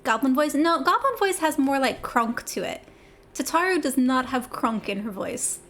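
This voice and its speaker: A woman's voice: high-pitched, sing-song, moderate pace, fairly bright tone. A young woman streaming a game, chatting casually, laughing easily and reading the dialogue aloud in character. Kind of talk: casual live gameplay chat.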